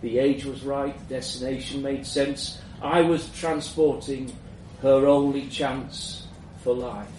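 A man tells a first-person story in a measured, reflective way. His voice sits at an ordinary middle pitch and is picked up from some way off the mic. The room is echoey, with a faint hum underneath. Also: steady tone, darkish tone. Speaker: narrator. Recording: roomy echo, mic at a distance, faint background hum.

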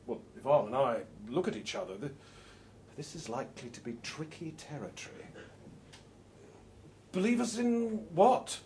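A man reading a first-person story aloud with dry, understated humor, opening lines with "well" and letting out soft laughs. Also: mid-range voice, lively intonation, a little fast, slight background noise.

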